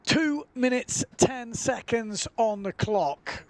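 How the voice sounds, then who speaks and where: A man commentating live on a windsurfing event in a relaxed, chatty way, often filling pauses with "uh". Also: extremely high pitch.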